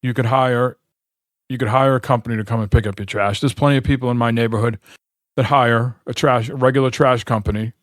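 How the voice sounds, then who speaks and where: A man in an average pitch range rambles through a story in loose, exasperated podcast chat, swearing freely as he goes. His voice sits close and dry on the mic, with hardly any room sound. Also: fairly even intonation, brisk, dry recording. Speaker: podcast co-host.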